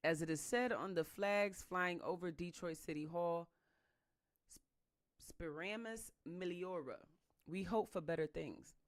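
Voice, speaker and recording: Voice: mid-range voice, unhurried. A person reading a history book aloud and stopping often for emphatic, slangy commentary. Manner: calm reading that breaks into heated, emphatic asides; casual slangy speech in the asides.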